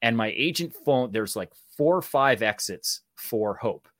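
A man with a Canadian accent, a guest telling stories in casual talk, animated and acting out voices as he goes. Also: mid-range voice, measured pace, no echo, clean studio sound. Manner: animated, acts out voices in anecdotes. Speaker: guest, actor and speaking coach. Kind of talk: casual storytelling.

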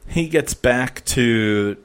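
A man's voice: mid-range voice, drawn-out words, smooth. A man talking in a rambling, sarcastic way as a podcast co-host, laughing now and then. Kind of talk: casual chat.

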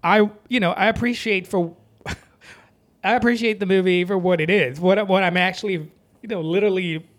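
A man's voice: high voice, steady tone, moderate pace. A man co-hosting a casual film chat, talking enthusiastically with many uhs and hesitations. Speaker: podcast co-host. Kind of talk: casual movie review chat.

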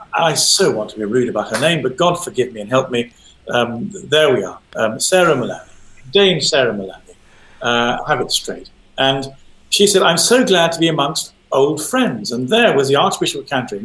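A man's voice: a little high, echoey room, a little hiss or hum, low-quality recording. An older man in casual chat, hesitant and repeating words, with wry asides. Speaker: panelist. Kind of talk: conversational commentary.

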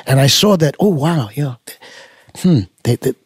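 A man's voice: a little high, animated, moderate pace, breathy edge, no room sound, clean studio sound. An older man, a musician being interviewed, telling stories in a loose, rambling way with many fillers and restarts. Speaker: musician guest. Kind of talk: casual storytelling interview.

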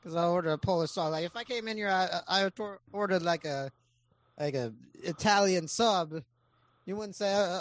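A man's voice: high-pitched, normal speed, no echo. A man chatting as a podcast guest, telling jokes with many stammers and repeated words. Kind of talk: casual chat.

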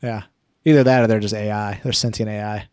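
A man's voice: fairly low pitch, steady tone, a little fast, very noisy. A man co-hosting a podcast in casual chat, adding wry joking asides. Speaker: podcast co-host.

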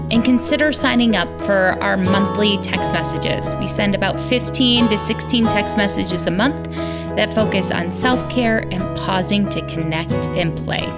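A woman in her thirties hosting a podcast, giving an upbeat, heartfelt self-care pep talk that slows down to stress key points. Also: medium pitch, over loud music. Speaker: podcast host.

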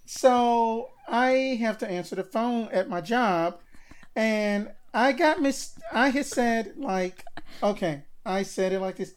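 A man's voice: high voice, slow pace. A man co-hosting a podcast, speaking in a rambling, casual way. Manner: rambling, repeats "that" as filler. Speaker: podcast co-host. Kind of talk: casual chat.

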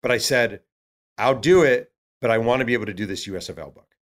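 A man, an author guest in an interview, telling stories in a lively way and acting out what others said. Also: mid-range voice, quick pace. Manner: acts out quotes of others, many fillers. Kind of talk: animated storytelling.

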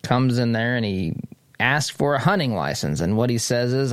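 A man hosting a political talk show at his desk, his voice sitting at an ordinary middle pitch. He rambles conversationally, doubling back and restarting his sentences. The sound is close and dry, with no room echo. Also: animated, normal speed. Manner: conversational and digressive, with frequent restarts. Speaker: host of a political commentary show. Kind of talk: casual political commentary. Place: studio desk.

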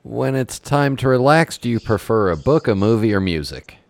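A man with a gravelly voice hosting a radio show, chatting casually and chuckling easily. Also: medium pitch, animated, moderate pace, no echo. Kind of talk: casual interview chat.

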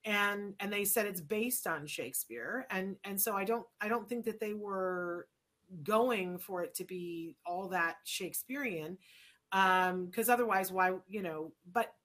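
Lady hosting a chat show, bright voice, rambly and opinionated. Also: mid-range voice, a little slow. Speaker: show host. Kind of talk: casual chat.

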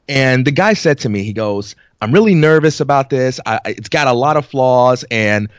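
A man's voice: mid-range voice, animated, moderate pace, smooth, dry recording. Dry-sounding man telling stories casually. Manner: storytelling, acts out quoted exchanges; reflective, laughs often. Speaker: podcast co-host. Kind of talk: casual podcast chat.

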